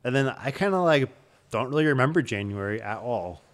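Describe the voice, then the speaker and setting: Fast-talking young man, rambling and swearing. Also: medium pitch, expressive. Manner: rambling, swears a lot, laughs often. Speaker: co-host. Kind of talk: casual storytelling chat.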